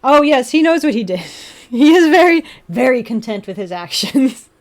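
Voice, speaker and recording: Her voice is high-pitched and very animated, delivered at a moderate pace, as this young woman hosts a casual livestream. She laughs easily, chats with her viewers, and keeps turning to baby-talk her cats.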